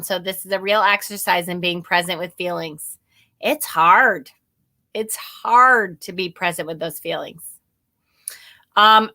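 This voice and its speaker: A woman with a bright, fairly high voice talks openly to her viewers. She rambles and restarts, swears now and then and laughs at herself, with the easy candor of a personal vlog. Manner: reads and answers viewer comments aloud. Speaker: spiritual vlogger. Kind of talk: casual confessional talk to viewers.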